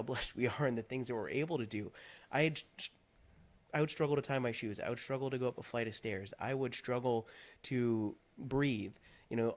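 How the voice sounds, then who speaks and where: A man from Pennsylvania, a guest on a talk show, sharing his own story in an earnest, candid way. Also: mid-range voice. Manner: earnest, candid, animated when recounting. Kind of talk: conversational interview, personal story.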